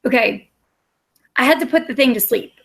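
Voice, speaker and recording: A woman with a high-sitting voice and a moderate pace tells rambling, profane, self-mocking stories in casual talk.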